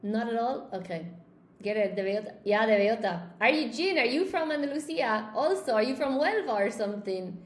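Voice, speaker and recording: A woman's voice: a little high, lively intonation, brisk, echoey room. A woman English teacher, from Spain, giving a chatty live lesson and reading out viewer comments.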